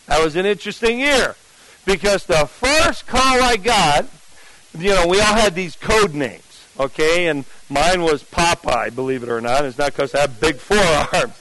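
Pastor guy from new jersey preaching, tells a story and does all the voices, pretty high voice, dry sound. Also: unhurried, no echo, low-quality recording. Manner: storytelling, acts out dialogue with lively shifts. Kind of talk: sermon with personal anecdote.

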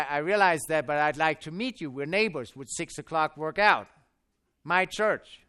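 A man's voice: high-pitched, pushed and bright, clean tone. A middle-aged man preaching as a pastor, telling personal stories with self-deprecating humor in a conversational way. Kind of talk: storytelling sermon.

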